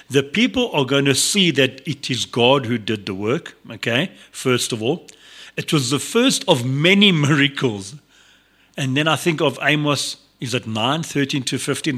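A man's voice: medium pitch, fairly bright tone. A man, presenting a devotional message on the radio in an earnest, conversational way, often restarting and adding asides.

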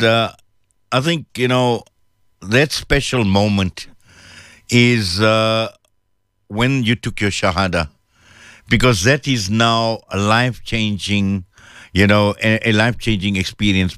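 A man with a fairly low voice interviews a guest, speaking slowly with measured pauses and fillers. The recording sounds dry and close. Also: fairly bright tone, clear, resonant tone, no echo. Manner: slow, measured, many fillers. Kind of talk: interview question.

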